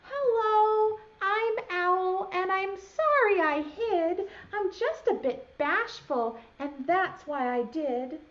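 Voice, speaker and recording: A bashful little owl who hoots softly and apologizes for hiding, played by a woman reading to children. The voice sits very high and slow. The recording sounds muffled and lo-fi. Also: expressive, exaggerated voice. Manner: soft hooting, apologetic.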